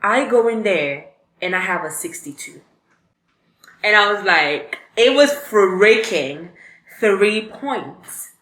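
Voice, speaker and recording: A woman's voice: medium pitch, expressive, slow pace, fairly bright tone. A young woman, telling a story in a casual, chatty vlog with lots of fillers. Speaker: vlogger. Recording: echoey room.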